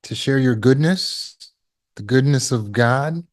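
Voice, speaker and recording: A man of medium pitch gives a slow-paced spoken lesson for his healing course to viewers online. As he thinks, he repeats words and throws out rhetorical questions.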